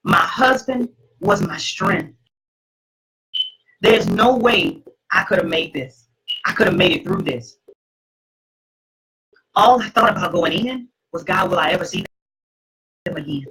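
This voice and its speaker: A middle-aged woman, host, telling her personal testimony to an audience in an emphatic, preacherly way, with a husky voice. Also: on the low side, wildly swooping pitch, unhurried, pauses often, fairly bright tone, poor audio.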